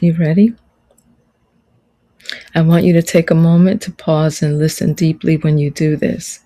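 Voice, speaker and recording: A woman's voice: low-pitched, fairly even intonation, unhurried, warm tone, poor audio. A middle-aged woman life coach teaching a motivational online lesson, preaching and repeating her key phrases for emphasis.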